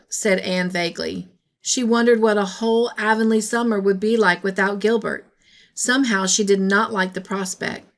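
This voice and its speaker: A woman narrating a classic novel aloud in a gentle, measured storytelling voice. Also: medium pitch, fairly even intonation. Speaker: storybook reader.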